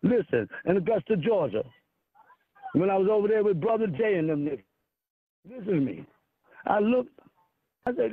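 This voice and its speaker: A man's voice: high-pitched, very animated, moderate pace, pauses often, dry recording. A man preaching a combative, profane monologue to an audience, firing rhetorical questions at his listeners. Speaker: self-styled spiritual leader. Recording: tinny phone-like radio broadcast.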